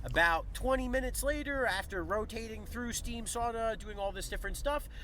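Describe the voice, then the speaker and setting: A young man ranting in a commentary vlog, blunt, profane and animated. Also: sits high, normal speed, slight background noise. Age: young adult. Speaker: YouTuber.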